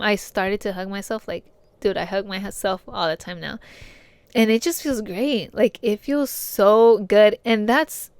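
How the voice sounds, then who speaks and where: A woman's voice: medium pitch, clean tone, no room sound. A young woman hosting a podcast, giving casual heartfelt advice full of slang and fillers, swearing now and then. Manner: slangy and fillers-heavy, addresses listeners as "my peeps"; earnest, encouraging, swears casually. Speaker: podcast host.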